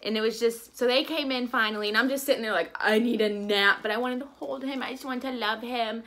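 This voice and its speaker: A woman's voice: on the high side, fairly even intonation, fairly quick, pushed and bright. A young woman telling a casual, chatty story in a vlog, with lots of "like"s and bits of baby talk. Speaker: vlogger and new mother.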